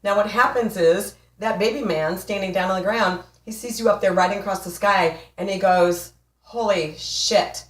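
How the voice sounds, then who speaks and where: A woman's voice: mid-range voice, moderate pace, hardly any pauses, far from the mic. A woman in her forties, a relationship coach giving an emphatic, playful motivational talk to camera. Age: 40s. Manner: emphatic, playful, laughs often. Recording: echoey room, voice off mic.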